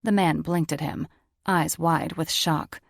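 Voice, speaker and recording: A woman narrating a romance audiobook in an even, measured storytelling voice. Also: deep voice, gravelly, dry recording, clean studio sound.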